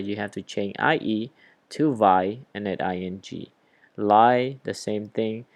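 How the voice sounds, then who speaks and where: Male English teacher, lowish gravelly voice, dry close sound; explains step by step, spells out letters, keeps checking in with students. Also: a little mellow, no echo. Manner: stresses key words, often checks in with "okay?" and "all right?". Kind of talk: online grammar lesson.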